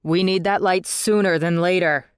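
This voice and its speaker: A woman's voice: deep voice, flat delivery, slow pace, a bit bright, clear, resonant tone, no echo, studio quality, pitched below the performer's own voice. A woman voicing a stern young man who barks orders in an audiobook. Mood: commanding.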